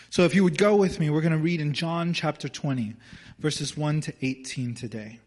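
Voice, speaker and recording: High-voiced young male pastor preaching. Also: a bit bright. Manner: conversational, earnest, repeats words and restarts. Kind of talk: sermon.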